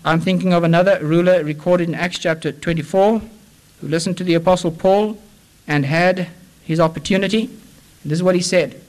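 A male preacher with a somewhat high voice delivers an impassioned sermon. He pleads with his listeners, swinging between ringing emphasis and hushed, drawn-out phrases. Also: fairly even intonation, rough recording. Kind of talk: evangelistic sermon.

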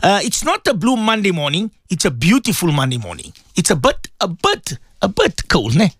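An animated man hosts a live morning radio show from the studio, his voice swinging high and low as he chats with listeners. The sound is close and dry, with a somewhat high pitch for a man. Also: moderate pace, slightly rough, dry recording. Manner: animated, addresses listeners directly, sprinkles Arabic phrases. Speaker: radio presenter. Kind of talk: casual live radio talk.

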